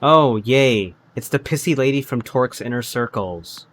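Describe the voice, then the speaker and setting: Animated man co-hosting a game stream. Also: mid-range voice, moderate pace, a little hiss or hum. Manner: jokey, animated. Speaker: co-host. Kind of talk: casual game stream chat. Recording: game music underneath.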